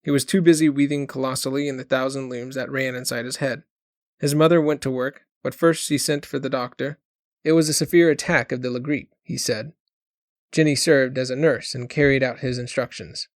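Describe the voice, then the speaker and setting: A man reading a short story aloud as an audiobook narrator, in a measured storytelling manner. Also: medium pitch, steady tone, dry recording, clean studio sound. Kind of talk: scripted narration.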